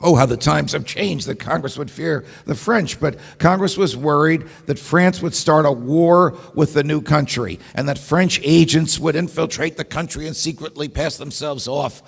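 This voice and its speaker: With a highish, husky voice marked by vocal fry, this man speaks at a moderate pace and rarely pauses. He's giving a lecture-style keynote, telling stories emphatically, asking rhetorical questions and dropping wry asides. The large meeting hall lends long reverb.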